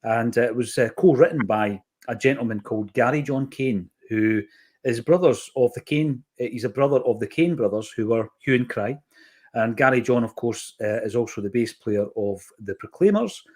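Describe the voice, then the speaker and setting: A man's voice: medium pitch, normal speed, darkish tone. A man hosting a podcast, chatty and enthusiastic as he links topics together. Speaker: podcast host. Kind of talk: casual podcast chat.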